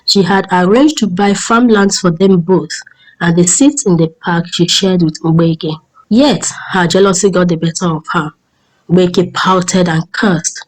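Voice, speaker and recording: Woman storyteller, low and measured. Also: low-quality recording. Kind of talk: storytelling narration.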